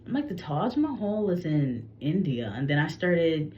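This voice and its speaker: Low-voiced woman rambling about spirit readings. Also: very animated, a little slow, darkish tone, highs cut off, slight background noise. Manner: rambling, frequent restarts and self-corrections. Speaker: psychic reader. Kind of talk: casual channeling story to camera.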